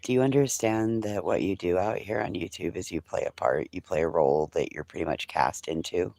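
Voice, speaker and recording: A man's voice: low voice, brisk, vocal fry, a little mellow, dry recording. A man hosting a casual morning livestream chat. He talks sarcastically, swears, and drops into whispered asides. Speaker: livestream host.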